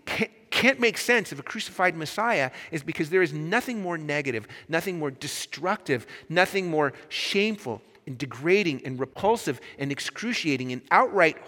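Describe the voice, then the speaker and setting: A man's voice: on the high side, a bit bright. A man preaching a sermon as pastor, speaking in an impassioned, emphatic way in a church sanctuary. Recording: long reverb in a large hall.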